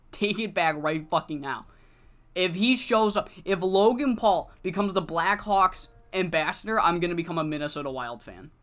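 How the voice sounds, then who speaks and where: Woman game streamer, deep voice, unhurried delivery, cursing and venting between quiet muttering. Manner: profane, swinging from muttering to frustrated outbursts. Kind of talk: live-streamed gameplay commentary.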